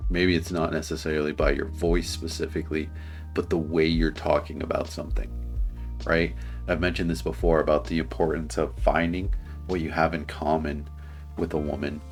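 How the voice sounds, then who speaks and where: A man with a slight lisp giving casual dating advice in a reaction commentary, earnest and rambling with frequent restarts. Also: very deep voice.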